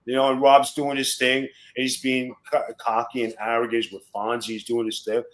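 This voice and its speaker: A middle-aged man, a guest on a podcast, telling wrestling stories in rough, swearing-heavy casual talk. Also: mid-range voice, monotone, normal speed, a bit bright, rough recording. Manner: profane, boastful storytelling.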